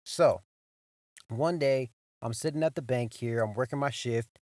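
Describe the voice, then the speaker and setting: A young man hosting a podcast, telling a story in a loose, animated way, full of swearing and "bro", circling back and repeating himself. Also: mid-range voice, unhurried, no room sound. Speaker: podcast host. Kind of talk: casual storytelling monologue.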